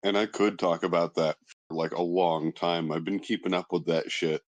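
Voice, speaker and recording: A man's voice: low voice, steady tone, normal speed, no room sound. An American man chatting casually with crude, sarcastic jokes. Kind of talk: casual chat.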